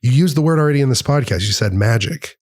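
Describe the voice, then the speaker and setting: A man's voice: mid-range voice, animated, quick pace, no room sound, studio quality. A man hosting a podcast, asking questions casually and restarting his phrases as he searches for words. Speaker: podcast host. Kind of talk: casual interview.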